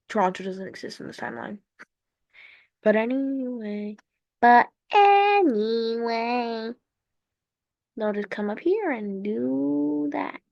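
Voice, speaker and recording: A woman's voice: mid-range voice, vocal fry, darkish tone, no room sound. A woman giving casual, rambling commentary on a strategy game, with playful asides and sound effects, on a dull lo-fi recording.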